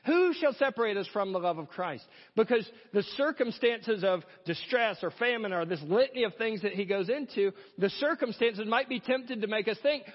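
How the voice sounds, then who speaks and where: A man's voice: high voice, animated, normal speed, few pauses, in a large hall, dull audio. A pastor delivering an earnest sermon, asking rhetorical questions as he preaches.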